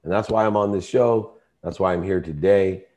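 A man's voice: deep voice, moderate pace. A man, a guest entrepreneur, telling his life story with emphatic, emotional delivery in an interview. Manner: emotional, emphatic, rising to shouting in quoted arguments.

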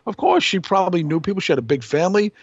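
A man from New York co-hosting a podcast, telling a long story in a rambling, animated way with many restarts. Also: high voice, very fast, breathy edge, no echo, dull audio. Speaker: podcast co-host. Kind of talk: casual storytelling chat.

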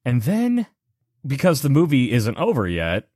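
A man's voice: medium pitch, wildly swooping pitch, unhurried, darkish tone, no room sound, clean studio sound. A man co-hosting a casual movie podcast, talking animatedly and swearing for emphasis. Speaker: podcast co-host. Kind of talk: casual movie recap chat.

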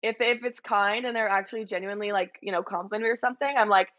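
A woman's voice: medium pitch, fairly even intonation, very fast, a bit bright, highs cut off. A young woman guest chatting on a podcast, bubbly and laughing often, acting out what she would say. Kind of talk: casual interview chat.

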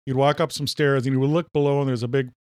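A storytelling man from Minnesota, joking his way through a casual podcast chat. His voice sits at a middle pitch. It is recorded dry and close on a studio mic. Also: quick pace, clean tone, no room sound. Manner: animated storyteller, jokey. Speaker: podcast co-host.

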